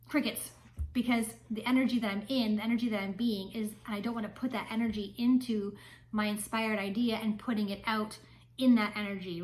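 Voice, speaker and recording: A woman's voice: on the high side, poor audio. A woman, a spiritual mentor talking casually to camera in a chatty way, often checking in with "right?". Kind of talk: casual vlog talk to camera.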